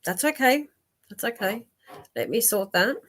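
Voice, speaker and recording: A woman's voice: fairly high pitch, animated, unhurried. Woman, psychic host on a live stream; casual, giggly, rambling. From Australia. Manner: chatty, warm-hearted, laughs often, many fillers and restarts. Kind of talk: live-stream reading, chatting with viewers.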